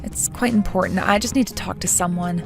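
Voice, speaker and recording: A woman voicing an outraged young bride, with soft music under her. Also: medium pitch, a little fast, gravelly, close to an everyday voice. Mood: upset. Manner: indignant, accusing. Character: young bride, humiliated and furious. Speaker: voice actor in a story video. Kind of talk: scripted voice acting. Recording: faint background music.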